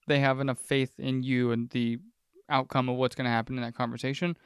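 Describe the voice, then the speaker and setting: A man's voice: mid-range voice, little pitch movement, fairly quick, clean tone, no room sound, clean studio sound. A man co-hosting a casual podcast chat with a friend, talking in a reflective, rambling way and acting out quoted lines. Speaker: podcast co-host.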